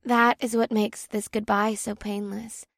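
A man voicing a solemn, silver-haired otherworldly woman in an audiobook, speaking quietly and formally. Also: sits high, level tone, unhurried, dry recording, clean studio sound, pitched above the performer's own voice, full character voice.

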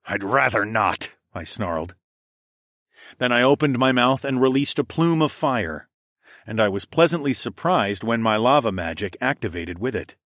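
A man narrating a first-person fantasy audiobook in a measured, dramatic way. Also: medium pitch, very animated, fairly bright tone, no room sound, clean studio sound.

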